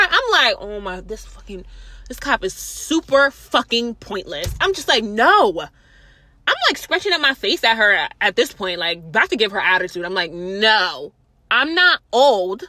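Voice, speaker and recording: A young woman telling a casual, profane story about a theft, acting out everyone's lines in lively voices. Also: medium pitch, a little slow, no echo. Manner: animated, profane, acts out others' voices.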